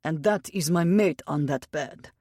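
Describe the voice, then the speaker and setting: Woman voicing a gruff Russian werewolf man. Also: low voice, measured pace, mellow, dry recording, clean studio sound. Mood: tense. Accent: Russian, put on. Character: gruff adult male werewolf, intense and possessive.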